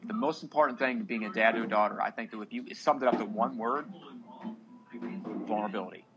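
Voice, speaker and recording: A man's voice: on the low side, fast talker, muffled recording, over music. A man in his thirties, a single father on a podcast, talking earnestly and emotionally to other men. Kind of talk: casual podcast talk.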